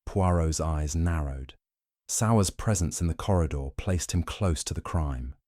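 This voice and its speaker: A man narrating a mystery audiobook in a measured, even storytelling manner. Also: deep voice, no echo, clean studio sound.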